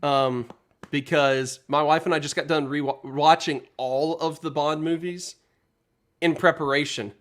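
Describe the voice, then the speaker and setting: Joking male co-host, somewhat high voice, easygoing chat. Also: steady tone, a little slow, a bit bright. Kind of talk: casual chat.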